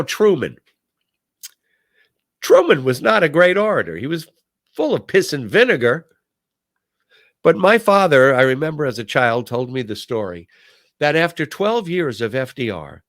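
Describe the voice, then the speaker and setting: An older man hosts a talk show with a gravelly edge to his voice. His pitch rises and falls animatedly as he tells stories and acts out famous quotes. The sound is dry and close. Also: big pitch swings, a little slow, long pauses, a bit bright, no echo. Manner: storytelling, quotes speeches in put-on voices. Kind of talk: conversational commentary.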